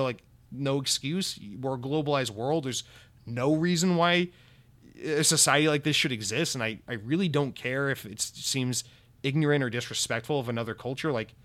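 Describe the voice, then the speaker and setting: Man, young adult, podcast host, fairly high voice, heated, sarcastic, profane rant. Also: a bit bright. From United States.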